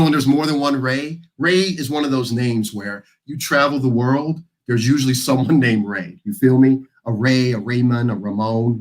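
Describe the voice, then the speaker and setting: A man with an American accent, hosting a casual panel talk and telling lively stories. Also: medium pitch. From United States. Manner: animated storyteller, acts out quoted voices. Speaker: panel host.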